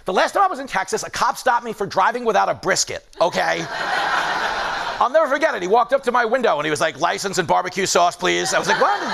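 A man's voice: high voice, creaky. A man hosting a late-night comedy show, delivering a joking, mock-outraged monologue. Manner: animated, mock-outraged joking with a studio audience. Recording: studio audience laughter and noise.

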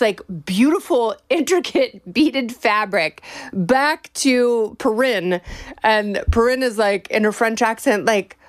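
A young adult woman telling a story in a casual, animated way, often laughing as she talks. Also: fairly high pitch, takes it slowly. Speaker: bride telling her wedding story.

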